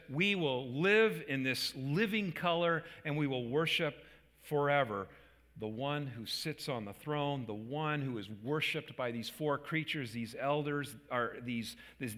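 Bright-voiced man preaching in a reverberant hall. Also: fairly high pitch. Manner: earnest preaching with restarts, rising to emphatic peaks. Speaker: pastor. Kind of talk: sermon.

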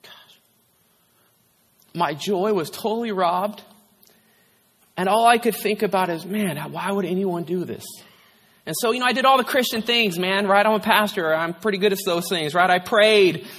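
A man's voice: sits high, moderate pace, a bit bright. A male pastor preaching a candid, conversational sermon, sharing a personal story. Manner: candid, conversational, tearful at times, frequent "right?". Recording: long hall reverb.

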